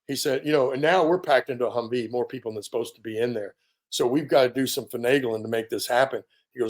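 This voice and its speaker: An American veteran in his fifties, speaking at medium pitch, tells a story as a guest on an interview. He's casual and animated, acts out the dialogue he quotes, and fills pauses with plenty of ums and you-knows.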